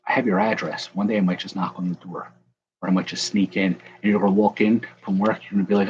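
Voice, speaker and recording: A man's voice: sits low, fairly even intonation, quick pace, breathy edge, highs cut off. A young man casually chatting with viewers on a livestream while he opens card packs, joking and calling out people in the chat by name. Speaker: card breaker livestream host.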